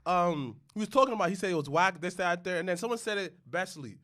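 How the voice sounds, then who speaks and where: A man hosting a podcast in casual chat, slangy and excitable, riffing on wrestling. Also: high-pitched, fast talker. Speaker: podcast host.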